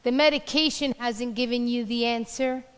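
A woman pastor preaching a sermon, building through slow, emphatic repeated questions. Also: a little high, steady tone, clear, resonant tone, big-room sound.

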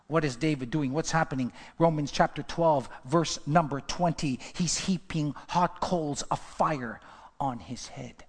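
A male pastor preaching with emphatic, repeated exhortations in a slightly higher voice. The sermon rings out with a long reverb in the church. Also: a little slow, breathy edge.

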